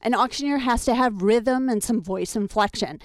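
A woman auctioneer from Wisconsin explaining her chant in an interview, breaking into rapid rhythmic number calling and coaching the host to join in. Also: fairly high pitch, no room sound. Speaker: champion auctioneer.

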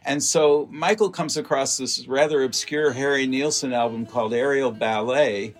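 A man's voice: mid-range voice, normal speed, faint music behind. Man recounting film history anecdotes. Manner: detailed, anecdotal, with fillers. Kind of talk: interview storytelling.

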